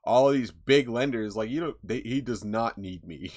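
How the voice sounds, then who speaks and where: A man's voice: medium pitch, moderate pace, a little mellow. A young man hosting a livestream, chatting casually in a rambling, laid-back way with lots of fillers and swearing. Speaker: livestream host.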